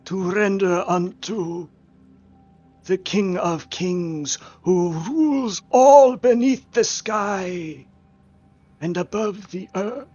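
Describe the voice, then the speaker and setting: A man voicing an ancient mummified male herald who makes slow, grandiose proclamations. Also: sits high, a little mellow, soft background music, voice pushed up, full character voice. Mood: imperious. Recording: dull lo-fi recording.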